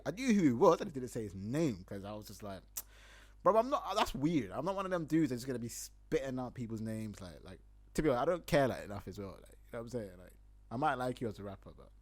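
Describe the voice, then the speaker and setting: Podcast host, young London man, animated storyteller, voice swings widely, mid pitch. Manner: animated, acts out his own lines loudly, laughs often. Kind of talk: casual storytelling monologue.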